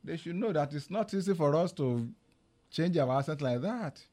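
A man with a slightly raised voice speaks as an in an interview. He is earnest and emphatic, pausing on fillers before pressing his point. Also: on the high side, animated, warm tone.

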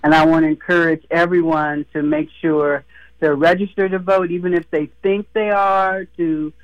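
A woman calling in to a radio talk show, outspoken and emphatic, with a hoarse morning voice over a phone line. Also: fairly low pitch, steady tone, normal speed, no echo. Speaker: caller. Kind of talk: phone-in commentary.

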